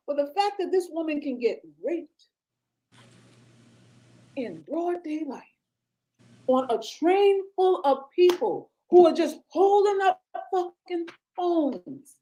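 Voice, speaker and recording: A woman's voice: very high voice, dark tone, rough recording. A woman delivering an impassioned, profane rant full of rhetorical questions. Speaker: commentator in a played clip.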